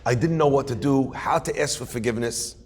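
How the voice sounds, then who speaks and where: A man's voice: medium pitch, a little fast, breathy edge, close to an everyday voice. A rabbi voicing a remorseful man who earnestly pleads for forgiveness, in a subdued tone. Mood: pleading.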